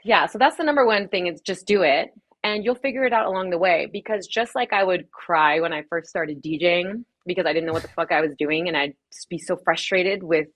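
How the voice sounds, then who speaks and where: A woman from Los Angeles talks quickly and casually as a guest on a podcast. She laughs often and swears freely as she chats about her work as a DJ and streamer. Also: on the low side, fairly bright tone.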